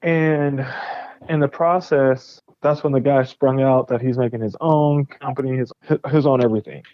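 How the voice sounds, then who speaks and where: Animated, profane young man telling a story. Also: medium pitch, normal speed, no echo, highs cut off. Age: young adult. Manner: animated, profane, acts out both sides of conversations. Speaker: game studio founder, guest. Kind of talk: casual podcast storytelling.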